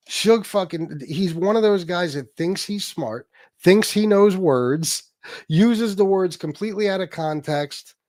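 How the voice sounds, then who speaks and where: A middle-aged man hosting a casual livestream, telling stories in a profane, mocking and lively way. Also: on the high side, no room sound. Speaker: livestream host.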